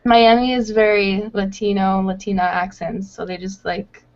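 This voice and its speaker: A woman's voice: mid-range voice, little pitch movement, normal speed. A woman from South Florida chatting casually on a group video call, laid-back and giggly. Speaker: hangout guest. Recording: dull lo-fi web call audio.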